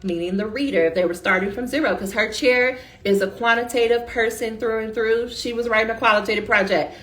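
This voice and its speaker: A woman dissertation coach giving a casual motivational pitch, colloquial and emphatic, talking straight to her listeners. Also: a little fast, a bit bright, soft background music.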